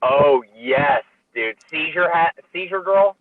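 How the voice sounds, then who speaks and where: A man's voice: on the high side, expressive, slow pace, no echo, narrow, tinny audio. A man co-hosting a casual podcast who chimes in with short, laid-back remarks and swears casually. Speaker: podcast co-host. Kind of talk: casual chat.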